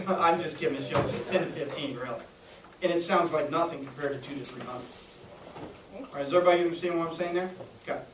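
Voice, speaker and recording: High-voiced man giving a jokey sales training. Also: fast talker, long pauses, far from the mic. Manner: jokey, keeps checking in with "right?". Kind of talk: training lecture to a group. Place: training room with an audience. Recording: echoey room recorded from afar, faint noise.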